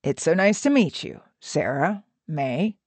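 A woman's voice: low voice, sing-song, unhurried, slightly rough, no echo, exaggerated voice. A woman voicing an aging male film actor with easygoing, practiced charm in an audiobook reading. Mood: gracious. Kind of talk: audiobook narration.

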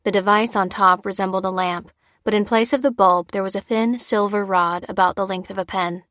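A woman narrating an audiobook in a steady, even storytelling manner. Her voice sits at a middle pitch, and the recording is dry and close with no room sound. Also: brisk, dry recording. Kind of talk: scripted narration.

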